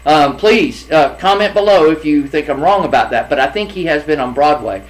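Brief: middle-aged male co-host, slightly high voice, halting and full of fillers, casual movie talk. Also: expressive, poor audio. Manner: hesitant, many fillers and restarts. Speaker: podcast co-host. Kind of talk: casual chat about film casting.

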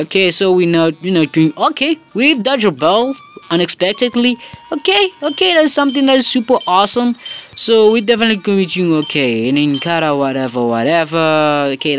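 Chatty woman with lively swooping pitch. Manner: chatty, rambling, many "you know" fillers. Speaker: gamer. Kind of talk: let's play commentary.

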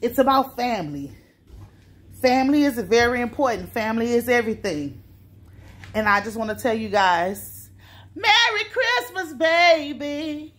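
A woman's voice: fairly high pitch, animated, moderate pace. A woman vlogging at home for the holidays, speaking in a style and giving upbeat, preachy blessings to viewers. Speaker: vlogger, single mother. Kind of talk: casual family holiday vlog.

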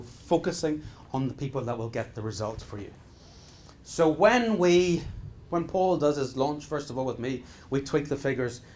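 A man's voice: medium pitch, a little mellow. Brief: male business trainer, middle-aged, mid-range voice, punchy repetitive delivery, faint background hiss. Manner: emphatic, repetitive exhortations with frequent restarts. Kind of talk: live seminar talk.

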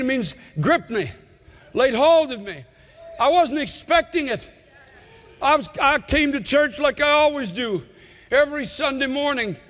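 A pastor preaching an impassioned sermon, his voice often rising to shouts. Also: very high-pitched. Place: large church sanctuary. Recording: long church reverb.

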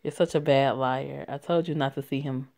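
A woman's voice: rumbling low, steady tone, moderate pace, vocal fry, a little mellow. A young woman reading the lines of an angry, threatening man in a story, in a contemptuous tone. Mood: menacing.

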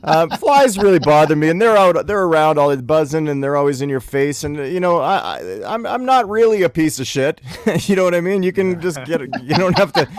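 A man's voice: on the high side, very animated, a little fast. A man and musician delivering a comedic rant, sounding exasperated and breaking into chuckles between complaints. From Canada. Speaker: musician and regular ranter.

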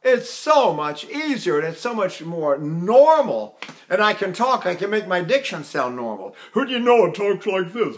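An older man runs a singing lesson, his speaking voice sitting high for a man. He chats in a loose, animated way and keeps breaking into sung vowels and scales to show his point. Now and then he mimics poor technique with exaggerated sounds. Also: normal speed. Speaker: voice teacher.

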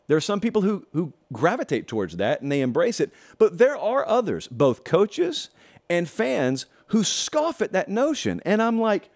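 A man's voice: high-pitched, very animated, moderate pace, darkish tone. A man hosting a college football show, delivering an emphatic opinion monologue full of rhetorical questions and sarcastic asides.

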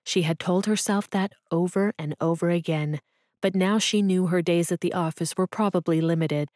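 A woman narrating an audiobook in a calm, even storytelling manner. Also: on the low side, moderate pace, no room sound, clean studio sound. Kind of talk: scripted narration.

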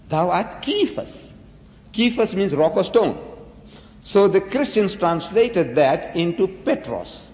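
A man's voice: sits high, a little mellow. A man giving a dramatic religious lecture full of rhetorical questions. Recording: echoey hall.

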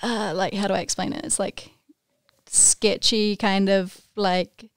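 A woman's voice: mid-range voice, flat delivery, a little slow, clear, resonant tone, no room sound, studio quality. A young woman with a New Zealand accent, chatting as a podcast guest and explaining things in loose, hesitant phrases. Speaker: guest, competitive snowboarder. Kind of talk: casual podcast chat.

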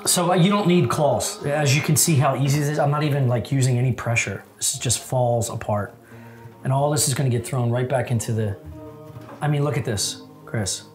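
A man's voice: medium pitch, a little fast, faint music behind. A man cooking and chatting casually, joking and cursing freely as he works. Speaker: cook. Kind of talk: casual kitchen chat.

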